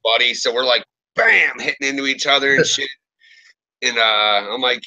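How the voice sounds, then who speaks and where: Bright, profane storytelling man. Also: mid-range voice, normal speed, dry recording, low-quality recording. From Pittsburgh area, US. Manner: profane, animated storyteller acting out quotes. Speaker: podcast host. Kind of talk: casual storytelling chat.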